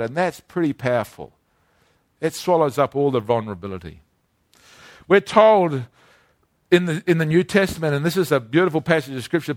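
A man's voice: a little high, no echo, studio quality. A man preaching a sermon in a conversational way, asking his congregation questions as he explains scripture. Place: church in the Philippines.

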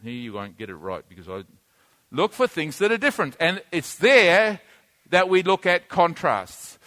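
A man pastor teaching a sermon, slow and emphatic, repeating key words and drawing in his listeners. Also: a little high, very animated, bright, forceful tone. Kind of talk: sermon with audience interaction.

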